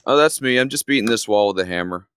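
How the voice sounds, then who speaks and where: A man voicing a deadpan oddball worker who answers flatly in an improvised voice role-play. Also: mid-range voice, fast talker, clear, resonant tone, close to an everyday voice. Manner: flat, deadpan.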